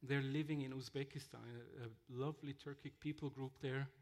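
A man telling mission stories in a sermon, halting with fillers and restarts. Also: mid-range voice, level tone. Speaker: missionary speaker. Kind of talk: sermon-style storytelling.

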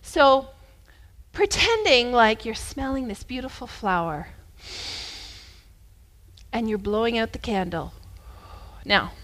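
A woman preacher giving a sermon as a story, talking in an animated, conversational way that swings between loud and hushed. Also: fairly high pitch, takes it slowly, long pauses.

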